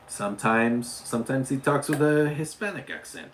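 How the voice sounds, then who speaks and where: A man's voice: mid-range voice, lively intonation, normal speed, hardly any pauses, fairly bright tone, a little hiss or hum. A man from Utah hosting a casual livestream, chatting with viewers and often restarting and repeating his words. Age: adult father. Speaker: livestream host.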